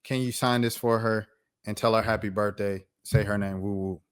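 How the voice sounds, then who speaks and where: A man around thirty telling a personal story on his vlog in a casual, slangy, animated way. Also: lowish voice, normal speed, smooth. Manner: animated, slangy, acts out voices. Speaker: YouTuber.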